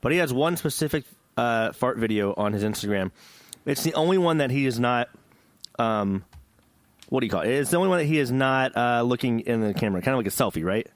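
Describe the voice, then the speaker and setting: A man's voice: medium pitch, lively intonation, a little fast, no echo. A man hosting a gaming podcast in casual chat, joking, rambling and swearing. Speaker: podcast host.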